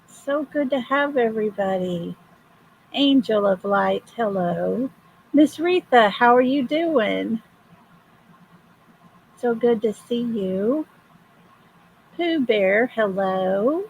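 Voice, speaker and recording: Older woman, hoarse livestream host: slow, gravelly, husky. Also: on the high side, expressive, darkish tone, a little hiss or hum, rough recording. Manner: slow, friendly greetings to viewers. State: hoarse from illness. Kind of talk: casual livestream chat.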